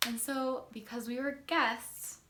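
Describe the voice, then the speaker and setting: A woman's voice: on the high side, fairly even intonation, slow, background noise. Giggly, rambling young woman in an echoey room. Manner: rambling, giggly, lots of fillers and restarts. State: stoned. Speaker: vlogger. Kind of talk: casual storytime monologue. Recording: roomy echo.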